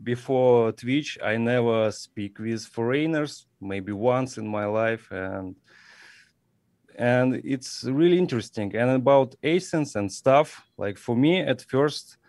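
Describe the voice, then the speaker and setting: Russian man in halting English. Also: medium pitch, darkish tone, no room sound, studio quality. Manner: halting non-native English with searching pauses. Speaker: guest musician. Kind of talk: casual interview over a video call.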